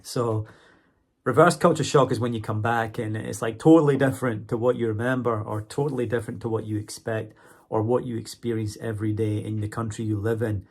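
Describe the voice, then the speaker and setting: A man's voice: fairly low pitch, fairly even intonation, brisk. A man talking casually to his viewers in a vlog, chatty, often checking in with "okay?" and "right?". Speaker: vlogger and English teacher.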